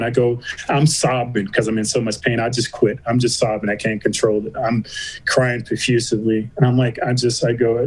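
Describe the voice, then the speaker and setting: A man as a podcast guest, telling a story in a loose, conversational way. He acts out each quoted line, and his voice sits at an average pitch. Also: flat delivery, normal speed, a little mellow, low-quality recording. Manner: vivid retelling, acting out quoted voices. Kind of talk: casual interview storytelling.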